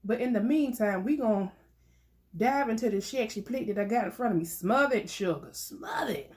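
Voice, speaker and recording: A woman's voice: on the high side, a little fast, dark tone. A young woman chatting playfully to her viewers while eating, laughing often as she talks. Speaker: mukbang vlogger. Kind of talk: casual chat while eating.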